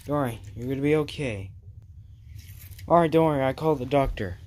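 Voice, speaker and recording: A man voicing worried characters in a home-made toy car skit, excitable and fussing. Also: medium pitch, fairly quick.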